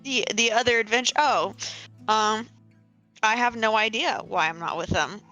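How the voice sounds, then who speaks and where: Bright-voiced woman player, hesitant. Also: a little high, normal speed, faint music behind, low-quality recording. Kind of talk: tabletop role-play.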